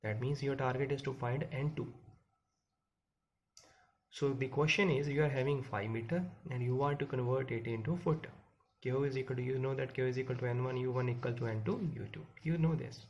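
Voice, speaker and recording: A man's voice: medium pitch, steady tone, fairly quick. A man teaching a physics class step by step, repeating points and asking the students questions. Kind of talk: classroom lecture. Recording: dull lo-fi audio with faint hiss.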